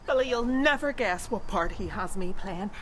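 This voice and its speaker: An actress playing an affronted daughter who is cast as the granny. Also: female voice, mid-range voice, expressive, normal speed, a little hiss or hum, natural voice. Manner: affronted, indignant. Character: put-upon Belfast daughter cast as the granny.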